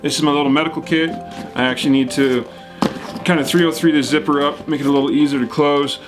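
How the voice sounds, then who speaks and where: A man's voice: fairly high pitch, steady tone, fast talker, music in the background. Rambling man answering viewer questions. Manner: rambling, many fillers and restarts. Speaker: whitewater kayaking channel host. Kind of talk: casual Q&A, reading viewer comments.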